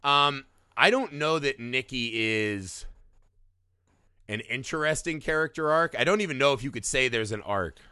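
A man co-hosting a casual film podcast, talking in an animated, profane way and laughing often. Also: mid-range voice, normal speed, clean tone, dry recording, clean studio sound. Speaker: podcast co-host.

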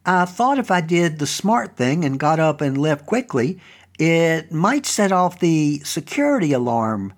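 A man's voice: on the high side, very animated, measured pace. A man hosting a show, narrating a first-person story in an earnest, conversational way. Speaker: storytelling host and historical reenactor.

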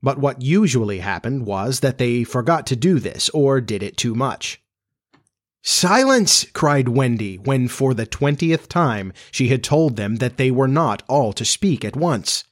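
A man narrating a classic storybook as an audiobook, in a measured, expressive reading. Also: medium pitch, no room sound, clean studio sound.

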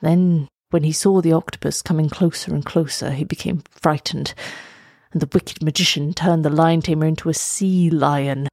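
Storybook: woman doing a tired old male turtle, low, measured, explanatory, dry sound. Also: fairly even intonation, a little mellow, dry recording. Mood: weary, explaining. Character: weary old male sea turtle, patient and wise. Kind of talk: storybook reading.

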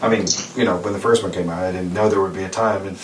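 A man co-hosts a podcast over a video call, chatting loosely and breaking into impressions. His voice sits a little low and sounds far from the mic. The room is echoey and the line carries a steady hiss. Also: fast. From US West Coast. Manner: joking, slips into impressions. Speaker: podcast co-host. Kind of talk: casual chat on a video call.

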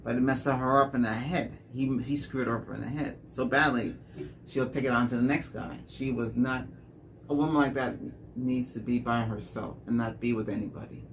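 A man rambling through his own dating stories in a casual monologue, repeating words and getting animated when he quotes people. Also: mid-range voice, normal speed, a little hiss or hum. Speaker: dating vlogger.

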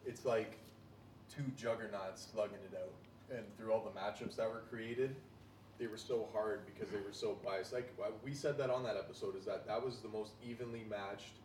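A man co-hosting a casual podcast, quick with interjections and an easy laugh. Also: fairly low pitch, fairly even intonation, a little mellow, recorded from a distance. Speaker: podcast co-host. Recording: echoey, off-mic with faint room noise.

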